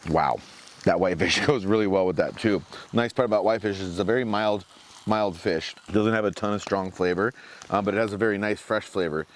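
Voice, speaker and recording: Low-voiced man hosting a camping vlog, relaxed and chatty, recorded outdoors on a camera mic. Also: brisk. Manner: relaxed, chatty, talks to the viewers. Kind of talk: casual vlog narration. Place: outdoors at a forest campsite by a fire.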